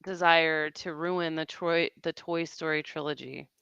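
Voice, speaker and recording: Slow-talking, teasing woman co-host. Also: deep voice, fairly even intonation, vocal fry, a bit bright, clean tone, no room sound, dull audio. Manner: teasing, laughs easily. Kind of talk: casual live chat.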